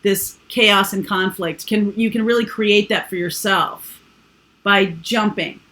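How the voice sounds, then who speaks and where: A woman's voice: medium pitch, slow pace, a bit bright. A woman giving a casual, rambling tarot reading full of fillers and asides. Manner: chatty, rambling, with frequent fillers. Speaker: tarot reader.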